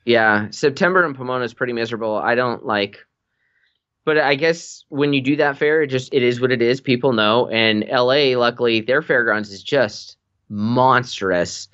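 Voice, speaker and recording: A man with a middle-pitched voice tells easygoing stories in casual conversation and laughs often. The recording sounds a little dull and lo-fi. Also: normal speed, fairly bright tone. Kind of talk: casual chat.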